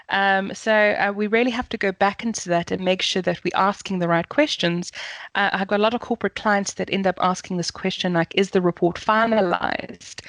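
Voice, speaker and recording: A woman's voice: mid-range voice, no room sound. A woman with a South African accent, a communications coach explaining voice technique in a podcast interview, often demonstrating intonation.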